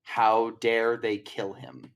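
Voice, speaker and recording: A man's voice: medium pitch, flat delivery, slow. Casual rambling male game master. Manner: casual, rambling, swears, many fillers. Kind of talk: narrating a tabletop game.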